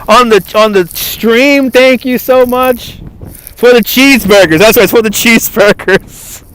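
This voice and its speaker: A man's voice: very high-pitched, steady tone, a little slow, a bit bright, smooth. A man hosting a live walking stream outdoors, chatty and laughing as he thanks viewers by name, filmed on a phone on a gimbal. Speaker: livestream host. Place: outdoors on a cold waterfront.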